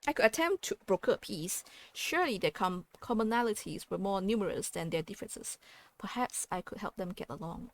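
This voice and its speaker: A woman's voice: medium pitch, animated, fairly quick. A woman playing a story game, reading its text aloud and chatting about her choices in a playful way. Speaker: let's play host.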